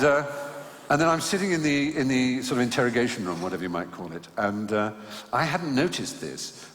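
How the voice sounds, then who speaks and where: A man telling self-mocking anecdotes on a theatre stage in a wry, halting way. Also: mid-range voice, fairly bright tone, slight background noise. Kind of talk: live storytelling conversation. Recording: echoey hall, live venue ambience.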